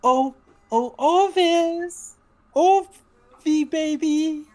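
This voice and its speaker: A game master voicing a cheery, doting female cartoon doll with a high, sing-song, fussing voice. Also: very slow, darkish tone. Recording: faint background noise.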